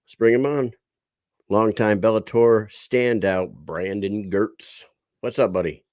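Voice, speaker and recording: A man's voice: fairly low pitch, steady tone, takes it slowly, darkish tone, no echo, studio quality. A man co-hosting a podcast, chatting casually with laughs and swearing. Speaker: podcast co-host. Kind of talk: casual chat.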